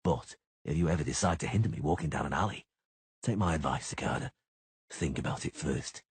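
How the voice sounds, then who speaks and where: Casting: male narrator doing a terse, icy monster hunter, husky and low, dry read. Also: a little fast, no room sound, exaggerated voice. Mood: cold. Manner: curt, flat, low.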